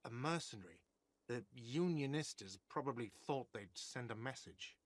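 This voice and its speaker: A man's voice: mid-range voice, lively intonation, normal speed, no room sound, close to an everyday voice. A grumpy cafeteria manager from a video game voiced by a man, curt, sarcastic and whiny with a hair-trigger temper. His voice sits mid-range, recorded dry and close. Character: grumpy short-fused male cafeteria manager.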